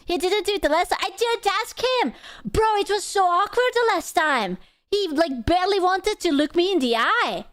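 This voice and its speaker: Young woman streamer, high voice, crude playful banter, dry close mic. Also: animated, normal speed, no room sound. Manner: playful, crude, laughs often, stammers. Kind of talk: casual group chat.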